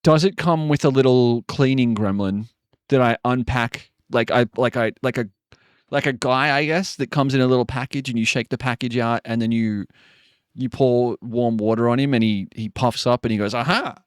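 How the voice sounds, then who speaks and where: A man's voice: medium pitch, steady tone, moderate pace, smooth, no echo, clean studio sound. A man chatting casually on a live stream, rambling and joking, with frequent swearing. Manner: rambling, jokey, swears often.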